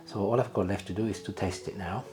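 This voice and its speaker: A man's voice: fairly low pitch, fairly even intonation, fast, music in the background. A man hosting his cooking channel, chatting casually to camera with lots of "uh" fillers while he cooks and tastes in a home kitchen.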